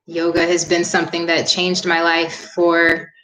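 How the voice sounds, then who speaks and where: A young woman yoga instructor wrapping up a live-streamed class, talking in a warm, earnest and chatty way with frequent "um" fillers. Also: lowish voice, monotone, measured pace. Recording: echoey room.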